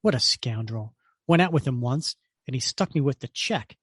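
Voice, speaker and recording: A man's voice: mid-range voice, lively intonation, moderate pace, a bit bright, slightly rough, dry recording, clean studio sound. A man reading a wry, scornful woman villain.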